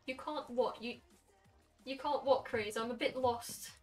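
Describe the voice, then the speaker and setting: A late-teen woman with a Welsh accent, chatting casually with her stream chat. Her voice sits a bit high, and she fires off quick asides. She sounds a little far from the mic, with faint music underneath. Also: a little mellow. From Wales. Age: late teens. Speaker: game streamer. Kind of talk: casual live-stream chat while gaming.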